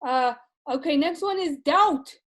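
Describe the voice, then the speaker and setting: Speaking at a measured pace in a high register, a woman performs a comic sketch monologue as an anxious, rambling middle-aged father reviewing films. Her delivery stammers along, packed with fillers.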